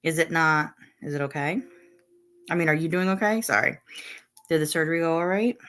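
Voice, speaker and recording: A woman's voice: low voice, fairly quick, a bit bright. Chatty woman hosting a live stream. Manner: chatty, greets viewers by name, laughs often. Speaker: livestream host. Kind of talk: casual live chat.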